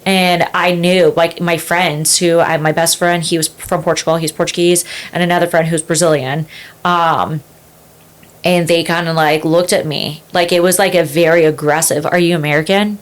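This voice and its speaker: A woman's voice: lowish voice, fairly even intonation, normal speed. A woman in her thirties, a podcast guest, telling her story in a rambling, casual way with lots of fillers. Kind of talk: casual interview conversation.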